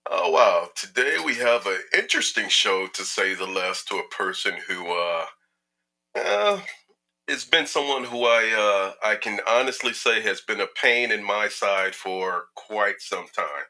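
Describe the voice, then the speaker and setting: A man's voice: lowish voice, expressive, measured pace, pushed and bright, low-quality recording. A male talk show host from Chicago, introducing his guest in a chatty, joking way with plenty of filler words. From Chicago, United States. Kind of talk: casual interview introduction.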